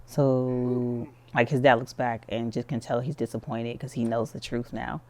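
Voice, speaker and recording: A woman's voice: rumbling low, little pitch movement, moderate pace, darkish tone. A woman giving casual gameplay commentary, telling the story in a chatty way full of "like". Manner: chatty storytelling, heavy use of "like".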